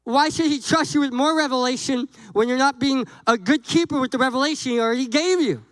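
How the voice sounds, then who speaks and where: Man, pastor, sermon, very high voice, dry close sound, humorous, acts out dialogue. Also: brisk, no echo, rough recording. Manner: animated, jokey, acts out dialogue with God and Moses.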